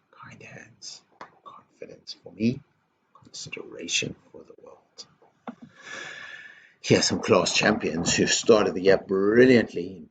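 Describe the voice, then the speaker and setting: A man leading a school assembly for young children, slow and encouraging, guiding actions and chants. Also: on the low side, husky, lo-fi sound. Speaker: headteacher. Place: school office.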